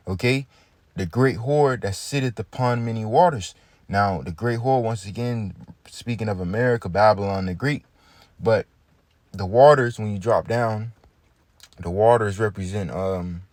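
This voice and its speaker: Low-voiced man teaching scripture. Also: moderate pace, a little mellow, no room sound. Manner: reads verses aloud, checks in with frequent "okay?"; casual, calls listeners "man". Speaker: Bible teacher.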